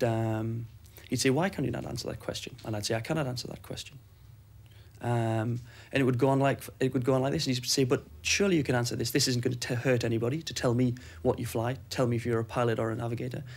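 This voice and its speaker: Man, quick even delivery, monotone, recounting testimony. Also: mid-range voice, gravelly. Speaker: interviewee recalling captivity. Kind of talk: personal testimony.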